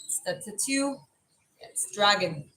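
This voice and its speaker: A woman's voice: medium pitch, expressive, takes it slowly, background noise. A young woman with a mild Eastern European accent, chatting casually as a stream host and answering viewer comments. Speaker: livestream host and boxing coach.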